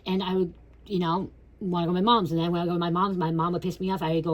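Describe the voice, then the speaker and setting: Low-voiced, blunt woman tarot reader. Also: fairly even intonation, racing. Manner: blunt, profane, keeps asking "okay?". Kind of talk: casual spiritual reading.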